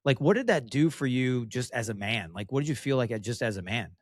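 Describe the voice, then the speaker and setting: A man's voice: mid-range voice, lively intonation, a little fast, no echo, studio quality. A man hosting as a coach, asking searching questions and restarting them as he goes. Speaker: host, coach. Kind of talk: interview questions.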